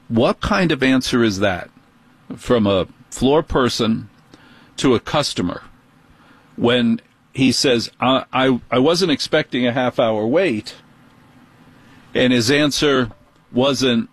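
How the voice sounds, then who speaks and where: A middle-aged man with a New York accent hosting a talk radio show, telling an animated, indignant story. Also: medium pitch, slow, breathy edge, no room sound.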